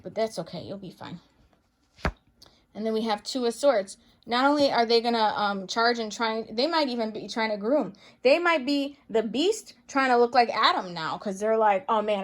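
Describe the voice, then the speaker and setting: A woman reading tarot cards for viewers in a chatty, playful way, excitable and full of pet names. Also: a little high. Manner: playful, chatty, calls listeners baby girl and boo; excitable, gasps and exclaims over cards. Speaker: psychic medium tarot reader.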